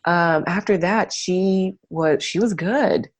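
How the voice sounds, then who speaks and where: Woman guest, lowish voice, earnest and reflective, lots of "like" and "you know". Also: slow. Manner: earnest, reflective, many fillers and restarts. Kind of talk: casual storytelling interview.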